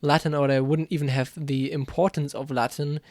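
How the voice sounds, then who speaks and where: A man co-hosting a casual discussion podcast who speaks hesitantly, pausing often with ums. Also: a little high, flat delivery, a little mellow, no echo, studio quality. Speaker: co-host.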